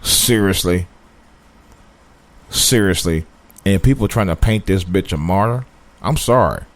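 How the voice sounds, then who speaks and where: Solo commentary host, male, from Cleveland, lower voice; runs from somber musing to heated, profane ranting. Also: animated, normal speed. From Cleveland, USA. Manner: starts low and somber, then builds into loud angry ranting with profanity. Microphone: own microphone.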